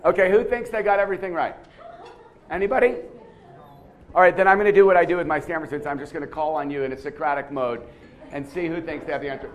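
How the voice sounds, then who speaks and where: A man leading a lively seminar quiz, putting questions to a live audience and often repeating himself as he goes. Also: a little high, fast. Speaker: seminar speaker running a quiz. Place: conference room with a live audience.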